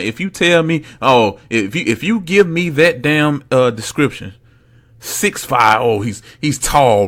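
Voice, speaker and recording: Slangy young man ranting on a podcast. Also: medium pitch. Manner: blunt, slangy and mocking, swings loud and soft. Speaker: podcast host. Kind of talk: casual solo sports podcast rant.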